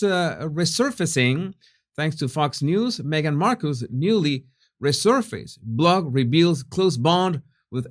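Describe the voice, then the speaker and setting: A man hosting a commentary vlog, animated and chatty, with frequent fillers and restarts. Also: fairly high pitch. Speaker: host.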